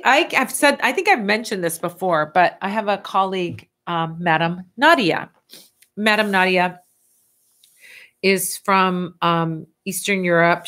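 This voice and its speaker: Middle-aged lady hosting a live q&a, lower voice, chatty, leans hard on words. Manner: chatty and animated, stretching words for emphasis. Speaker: host answering viewer questions. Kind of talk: casual live Q&A chat.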